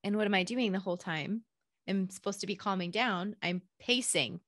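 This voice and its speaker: A woman's voice: medium pitch, normal speed, fairly bright tone, dry recording, clean studio sound. A woman in her thirties hosting a podcast interview, reflecting on her own experience and affirming her guest. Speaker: podcast host.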